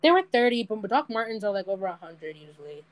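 A woman's voice: mid-range voice, sing-song, fast, poor audio. A young woman in casual chat, rambling and laughing often as she tells stories.

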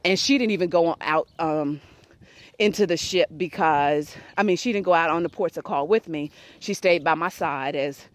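A woman in her forties telling a funny family story in a casual, animated way, laughing often and acting out voices. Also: mid-range voice, dry recording. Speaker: host.

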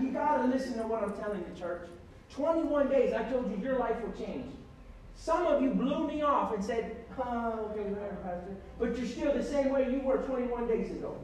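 A pastor with a strikingly high voice preaches to his church. His delivery is animated and emphatic, and it carries from a distance through a very echoey hall. Faint music sits under his words. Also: a little hiss or hum. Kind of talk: sermon.

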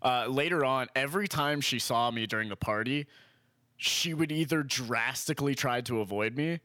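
A young man tells a story in casual chat, animated and laughing often, swearing freely. His voice sits at a middling pitch. The recording is close and dry, with no room sound. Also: normal speed, dry recording.

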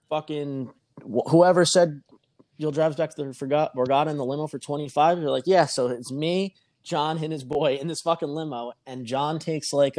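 In a casual podcast conversation, a man with a fairly high voice tells a long anecdote, cursing freely and animatedly imitating what others said. There's no echo on the audio.

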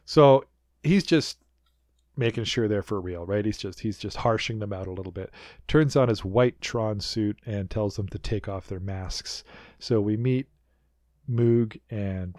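A man co-hosting a podcast, chatting in a rambling, animated way as he recaps a show. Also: fairly low pitch, unhurried, no echo, clean studio sound. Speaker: podcast co-host. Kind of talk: casual recap chat.

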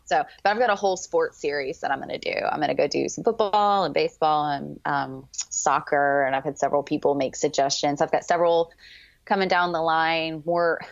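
A woman's voice: low-pitched, steady tone, brisk, gravelly, dry recording, highs cut off. A young woman guesting on a podcast, chatting casually and upbeat, laughing often. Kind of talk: casual chat.

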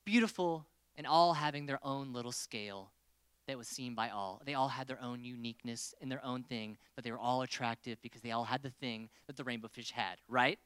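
A man's voice: mid-range voice, fairly quick, fairly bright tone, clear, resonant tone, no echo. A man in his thirties preaching a casual, joking sermon to a congregation. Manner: playful, joking with the crowd.

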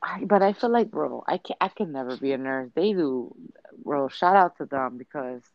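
A woman with a blunt, profane, animated way of telling a story in casual chat. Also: very deep voice, moderate pace, dry recording, highs cut off.

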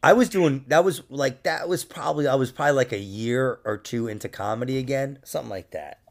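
A man's voice: mid-range voice, a little fast, creaky. A young man, a comedian and podcast host, telling stories in a casual chat, laughing often and slipping into mock voices.

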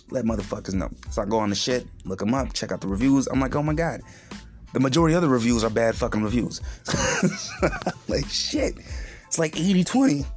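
A man hosting a podcast, telling a story in a blunt, profane and animated way, loudly mocking the people he quotes. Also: mid-range voice. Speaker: podcast host. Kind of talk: casual profane monologue.

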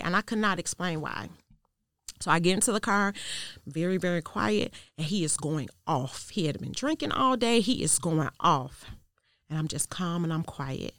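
A woman guest sharing a personal testimony in an interview, telling it in an earnest, measured way that goes quiet at the tense parts. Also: fairly low pitch, expressive, no echo, studio quality. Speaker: podcast guest.

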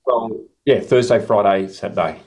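Middle-aged bloke, low voice, chatty, rambling storyteller for a casual podcast. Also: male voice, moderate pace, a little mellow. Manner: rambling, self-correcting storyteller. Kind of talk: casual chat.

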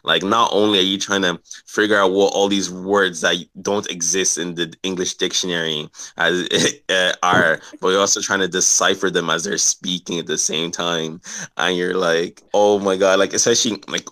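A young man from Nigeria in casual podcast chat, relaxed and quick to laugh, with plenty of fillers. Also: sits low.

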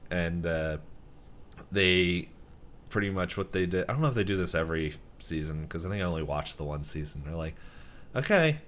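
Super deep voice podcast cohost, rambly, says like a ton, faint hiss behind. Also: steady tone, a little fast, a bit bright. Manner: rambling storytelling, heavy use of "like", laughs often. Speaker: podcast co-host. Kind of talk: casual chat.

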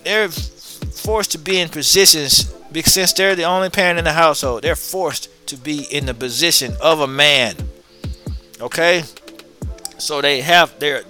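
A man's voice: high voice, bright, forceful tone. A man hosting his own show, giving a blunt, casual opinion monologue to his viewers and hammering his points home with repetition. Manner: casual and blunt, drops in slang.

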